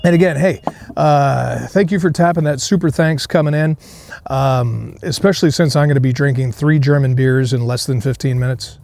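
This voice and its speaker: A man hosts a laid-back beer review show outside in a beer garden on a cold day, joking his way through tasting notes with many fillers. He speaks at medium pitch and moderate pace, with a creaky, darkish voice. There is no echo.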